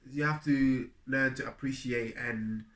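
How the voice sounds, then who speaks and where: A man's voice: medium pitch, fairly even intonation, measured pace, a bit bright. A man in casual chat, sharing earnest, reflective advice about marriage and laughing easily along the way. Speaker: husband co-hosting a marriage video. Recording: echoey room.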